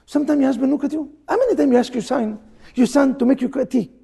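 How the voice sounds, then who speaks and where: A middle-aged man, a rabbi, teaching a humorous class in a synagogue in broken English, firing off rhetorical questions and loud bursts. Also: extremely high pitch, fast talker, vocal fry, slightly rough. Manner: jokey, full of rhetorical questions, bursts into loud quoted rants; broken non-native English grammar. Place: synagogue hall.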